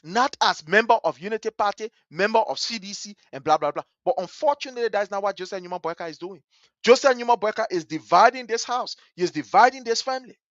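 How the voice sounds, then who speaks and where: A man's voice: high-pitched, lively intonation, quick pace, dry recording. Impassioned Liberian man, muffled dry sound. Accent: Liberian English. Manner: impassioned, swings from hushed to loud; vivid, story-driven. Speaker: talk show host. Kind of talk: animated radio commentary with storytelling.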